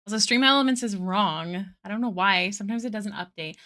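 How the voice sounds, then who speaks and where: A woman's voice: medium pitch, brisk, sharp tone. A young woman chatting casually on an art livestream from her apartment, a little out of breath, greeting viewers by name and laughing often. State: a bit out of breath. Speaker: art streamer. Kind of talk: casual livestream chat while drawing. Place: home apartment.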